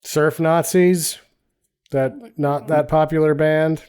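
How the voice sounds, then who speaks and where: A man's voice: a little high, level tone, slow, a little mellow, clear, resonant tone. A man co-hosting a podcast in casual chat, dropping dry, crude one-liners. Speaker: podcast co-host.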